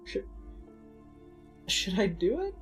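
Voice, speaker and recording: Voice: medium pitch, very animated, takes it slowly, fairly bright tone, breathy edge, soft background music. A streamer giving casual, rambling, sarcastic commentary while playing a game, swearing freely. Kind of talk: casual let's-play commentary.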